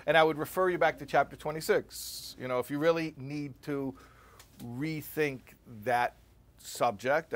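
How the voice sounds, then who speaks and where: A man leads an informal class in a conversational way. He tells personal stories and slows right down to stress his key points. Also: mid-range voice. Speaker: Torah teacher.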